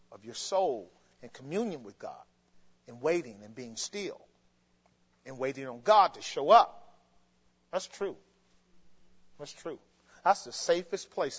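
A man preaching a sermon in an animated way, laughing and mimicking voices as he goes. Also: mid-range voice, slightly rough. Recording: muffled long reverb in a hall.

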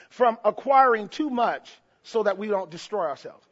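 A pastor preaching a sermon, calling out to the congregation and swinging between shouted peaks and hushed passages. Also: male voice, sits high, animated, moderate pace, few pauses, lo-fi sound.

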